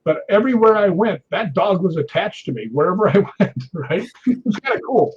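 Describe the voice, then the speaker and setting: A man, a guest on a chat show, telling an animated story and tagging his sentences with "right?". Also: high voice, normal speed, muffled recording, a little hiss or hum.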